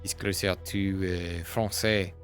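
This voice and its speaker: A man's voice: low-pitched, steady tone, takes it slowly, fairly bright tone, soft background music. A man playing a tabletop game, chatting out of character in a hesitant, explanatory way. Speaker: tabletop role-play player. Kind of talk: casual out-of-character chat. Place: home setup, streaming.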